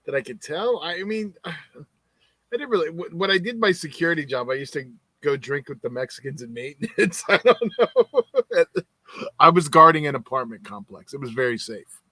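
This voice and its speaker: A man's voice: a little high, expressive, moderate pace, bright, forceful tone, breathy edge, no echo. A man on a podcast, answering hesitantly and laughing it off. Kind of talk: casual chat.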